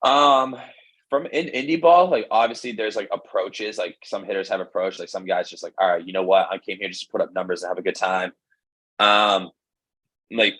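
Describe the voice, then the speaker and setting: A young man, a pro baseball pitcher, telling his story in a casual interview, rambling with lots of fillers and quoted dialogue. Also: a bit bright, slightly rough, poor audio. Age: young adult.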